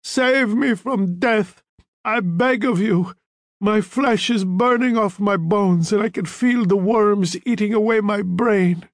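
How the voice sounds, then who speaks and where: A man's voice: sits high, expressive, slow pace, darkish tone, breathy edge, no echo, clean studio sound, pitched above the performer's own voice, full character voice. Man voicing a dying, feverish old man. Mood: desperate. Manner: desperate pleading, crying out.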